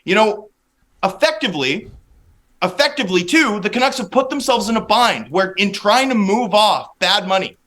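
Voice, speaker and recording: High, bright-voiced man ranting on hockey. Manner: animated, rapid-fire ranting argument. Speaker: hockey writer guest. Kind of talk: opinionated sports analysis.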